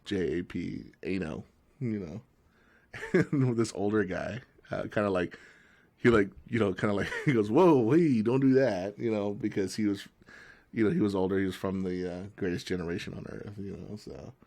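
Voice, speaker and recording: A man co-hosting a podcast in casual chat, telling stories in a halting way with many fillers. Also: deep voice, vocal fry, darkish tone. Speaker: podcast co-host.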